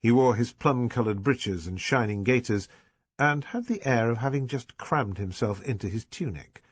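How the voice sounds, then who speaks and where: A man reading a classic detective novel aloud in a measured, scripted storytelling manner. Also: mid-range voice, expressive, breathy edge, dry recording. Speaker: audiobook narrator. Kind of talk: scripted audiobook narration.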